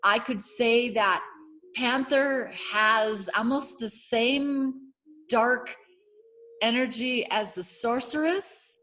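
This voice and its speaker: A woman's voice: on the high side, takes it slowly, fairly bright tone. A woman giving a casual spiritual oracle card reading as a coach, searching for words with many fillers and restarts. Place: home setting.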